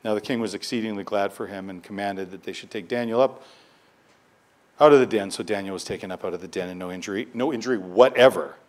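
Speaking quickly in a fairly low voice, a male pastor preaches from scripture, pressing on key words with surges of force and repeating phrases as his point builds.

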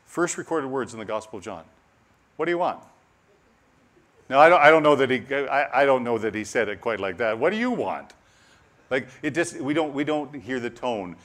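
A man preaches a sermon in an ordinary middle-pitched voice. He is animated, laughs at his own asides and drops to a soft, quiet hush for the key lines. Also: fairly quick, few pauses.

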